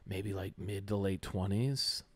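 A man's voice: low-pitched, steady tone, unhurried, a bit bright, no room sound, clean studio sound. A man co-hosting a comedy podcast, telling a rambling story full of fillers and acting out the lines he quotes.

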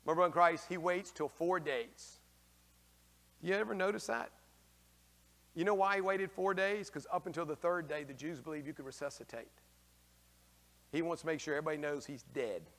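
A male priest giving a lively, folksy homily, taking questions from the congregation and acting out the figures in raised voices. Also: on the high side, normal speed, pauses often, long reverb tail. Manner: folksy, slangy asides. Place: church.

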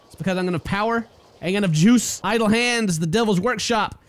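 A young man casually commentating a colony game, excitable and jokey, talking to his little characters. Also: high-pitched, quick pace. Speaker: gaming YouTuber. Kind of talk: casual let's-play commentary.

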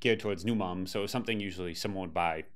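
A man with a Boston accent hosts a podcast interview, speaking in a very low voice. His delivery is relaxed and conversational, with loose, casual phrasing. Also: racing, clear, resonant tone. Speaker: podcast host.

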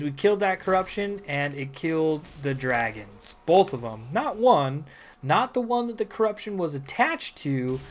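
A man's voice: on the high side, a little hiss or hum. A man talking casually over his own video game playthrough, muttering to himself and then cursing at enemies. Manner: swears loudly at enemies, rambling asides. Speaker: gameplay video host. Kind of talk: casual let's play commentary.

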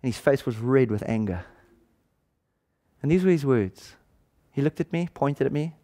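A man preaching to his church, telling a story from his own life. He acts out the dialogue as he goes, and his voice sits in an ordinary middle pitch. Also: moderate pace. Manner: animated storytelling, acting out quoted dialogue. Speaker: pastor. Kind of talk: sermon storytelling.

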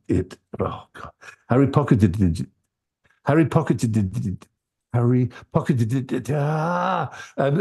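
Man guest on an interview, deep and kinda husky, rambly articulate storytelling, lots of restarts. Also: warm tone. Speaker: interview guest, audiobook narrator. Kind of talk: relaxed anecdotal conversation.

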